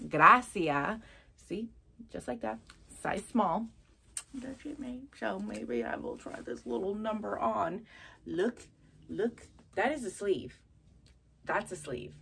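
A young woman chatting casually through a thrift haul, excitable and full of filler words. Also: medium pitch, slight background noise.

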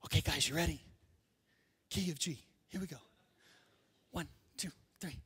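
A male pastor preaching an animated, comedic sermon, acting out scenes with shouts and sound effects. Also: on the high side, normal speed, husky. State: winded. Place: church sanctuary.

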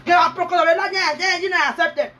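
A woman's voice: extremely high pitch, steady tone, a little fast, sharp tone, slight background noise. A Nigerian woman vlogger ranting angrily and scolding, mixing in pidgin. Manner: angry, scolding, mixes pidgin and Yoruba. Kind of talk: angry rant.

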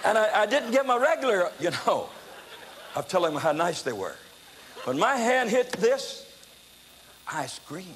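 An older man preaching a testimony sermon, telling his story in an animated, dramatic way that breaks into loud exclamations. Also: sits high, unhurried, long pauses. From United States. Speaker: evangelist preacher. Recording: echoey hall, faint background noise.

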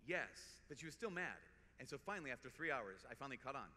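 Bright-voiced Minnesotan priest in a hall. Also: male voice, mid-range voice, very animated. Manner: earnest and conversational, quick restarts and repeated words. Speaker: priest giving a conference talk. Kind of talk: personal storytelling to a live audience. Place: large conference hall. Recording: reverberant hall, faint background noise.

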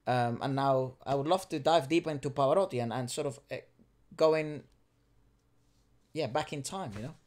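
A man in an easygoing reaction chat, loose and talkative, who starts his words over and drops the occasional curse. His voice sits at an ordinary middle pitch for a man. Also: moderate pace, pauses often, a little mellow. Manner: loose and chatty, swears casually, restarts words. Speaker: co-host of a music reaction channel.

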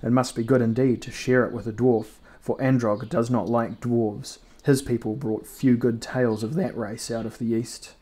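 A man's voice: medium pitch, fairly even intonation, moderate pace, hardly any pauses, warm tone, natural voice. A man voicing a suspicious, scornful outlaw who scoffs and mistrusts everything in a storybook reading. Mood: scoffing.

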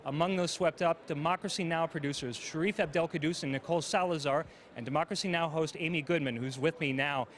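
Male TV interviewer, measured newsreader delivery, slightly high pitch. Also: a bit bright. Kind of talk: broadcast interview questions. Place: outdoors at a convention.

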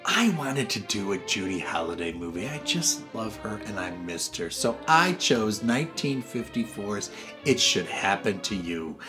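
A man's voice: lowish voice, a little slow, music in the background. A man hosting a casual film review who acts out the characters' lines as he recounts the plot. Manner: animated, acts out quotes. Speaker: movie reviewer host.

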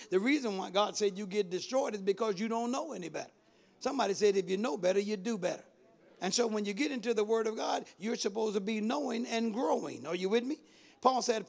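Man, bishop, sermon cadence, high voice, fry at the ends of phrases. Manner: preaching cadence with swings of pitch and loudness, calls to the congregation. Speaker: bishop and preacher. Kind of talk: Bible study sermon.

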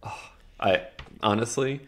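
Easygoing male podcast guest with a low pitch; relaxed, halting delivery. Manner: easygoing, thinks aloud with many fillers. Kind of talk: casual interview chat.

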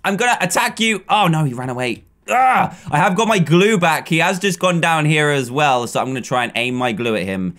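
Man, 20s, English accent, high-pitched, excitable gameplay commentary, playful, close mic. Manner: excitable, playful, chatty, quick jumps from calm to yelling. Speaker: gaming YouTuber.

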